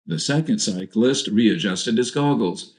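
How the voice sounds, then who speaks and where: A man with a lowish voice reads a crime novel aloud. His narration is steady and measured. He delivers it as scripted audiobook reading.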